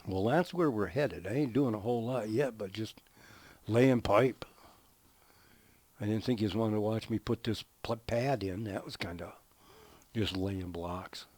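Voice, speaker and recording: A man hosting a gameplay video, chatting casually in a slow, folksy, drawling way and telling a joke as he builds. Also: fairly low pitch, a little mellow. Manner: slow, folksy, drawling storyteller who chuckles at his own jokes. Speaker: gaming video host. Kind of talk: relaxed gameplay commentary with a told joke.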